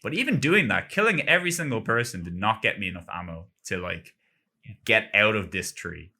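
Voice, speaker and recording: A man's voice: lowish voice, lively intonation, fairly quick, pushed and bright. A man chatting casually on a gaming podcast, rambling and filling his talk with "like". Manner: rambling, heavy use of "like". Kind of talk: casual chat.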